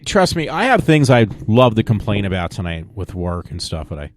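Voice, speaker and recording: A man's voice: on the low side, big pitch swings, moderate pace, no echo. A man hosting his own show, rambling and apologetic, tired after a long day, talking casually to viewers. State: exhausted. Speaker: vlog host. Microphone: home mic.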